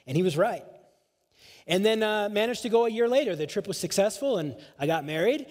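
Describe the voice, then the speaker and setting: A man's voice: sits high, animated, fairly quick. A male pastor telling a personal story in a sermon, casual and rambling, full of filler phrases. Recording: long hall reverb.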